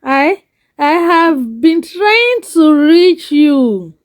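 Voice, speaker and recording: A man's voice: very high voice, expressive, very slow, no echo, voice pushed up, exaggerated voice. A woman voicing a desperate estranged father who pleads with his children in a shaky voice. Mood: pleading.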